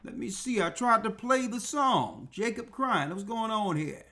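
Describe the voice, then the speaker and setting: A man's voice: high-pitched, lively intonation, unhurried, few pauses, sharp tone, a little hiss or hum. A man hosting an online radio talk show, speaking unhurriedly and dropping in religious exclamations while he thinks aloud at his computer. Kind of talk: casual livestream talk.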